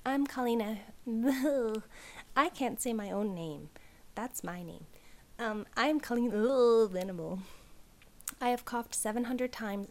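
Hoarse woman reading with retakes. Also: on the high side, slow pace, darkish tone. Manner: reads first-person prose, retakes lines, laughs at her slips. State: hoarse, clearing her throat. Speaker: audiobook reader and author. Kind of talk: story reading with outtakes.

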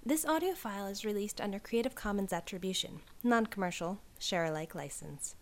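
A woman reading a first-person story aloud, hoarse and clearing her throat, redoing lines and laughing at her slips. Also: medium pitch, fairly quick. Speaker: audiobook reader and author.

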